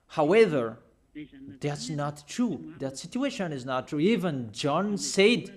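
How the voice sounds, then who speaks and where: High-voiced man preaching emphatically. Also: big pitch swings, slow pace. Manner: emphatic, repetitive preaching, reads out verses. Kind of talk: sermon.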